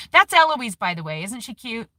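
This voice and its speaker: A woman's voice: fairly high pitch, bright, forceful tone, dry recording. A woman giving a rambling, emotional vlog update from a parked car, laughing often. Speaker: keto YouTuber.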